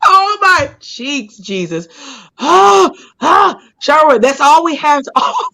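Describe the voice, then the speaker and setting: A woman hosts a talk show over a video call. Her high voice is bright and swoops up and down as she teases her guest and laughs heartily. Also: very animated, takes it slowly, creaky, rough recording. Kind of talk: casual comedic chat.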